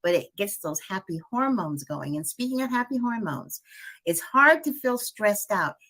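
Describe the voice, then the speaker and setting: A woman's voice: mid-range voice, very animated, normal speed, fairly bright tone. A middle-aged woman, a wellness coach, chatting casually and upbeat on a live stream, laughing often.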